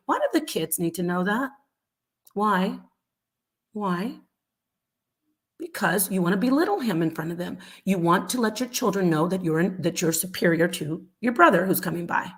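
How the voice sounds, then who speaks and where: A middle-aged woman, a mother, hosting a live stream and answering chat comments with animated, repetitive explanations. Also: mid-range voice, normal speed. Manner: animated, acts out quoted voices, repeats points.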